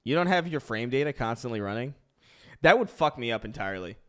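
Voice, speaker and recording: Smooth-voiced man rambling through wild hypotheticals. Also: mid-range voice, lively intonation, fast. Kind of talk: casual chat with friends.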